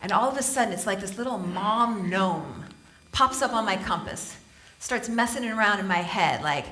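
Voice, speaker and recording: A woman from Southern California speaks on stage to a live audience. Her voice is slightly high and very bright, and she tells animated stories full of playful asides and frequent laughter. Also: moderate pace. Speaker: motivational speaker and author. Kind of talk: humorous inspirational talk to a live audience.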